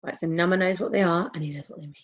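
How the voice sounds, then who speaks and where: A woman's voice: lowish voice, very fast. A woman teaching a playful online music lesson to young children, whooping and whispering to make the sounds fun. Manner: animated, playful, sing-song with whoops and whispers. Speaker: primary school music teacher. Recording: dull lo-fi home video sound.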